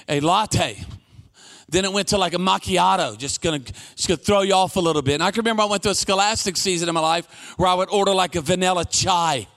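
A middle-aged male pastor preaching a sermon, telling stories in an animated way and shouting out lines for emphasis. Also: high-pitched.

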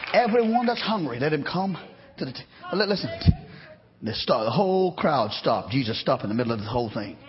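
High-voiced man preaching fervently. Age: middle-aged. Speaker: pastor. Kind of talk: revival sermon. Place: church sanctuary. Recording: dull lo-fi church recording.

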